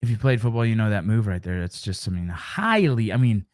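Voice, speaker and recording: A man's voice: fairly low pitch, animated, fairly quick, no room sound, clean studio sound. A man hosting a casual live stream, chatting with viewers, joking and telling stories. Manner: joking, storytelling, reacting to chat.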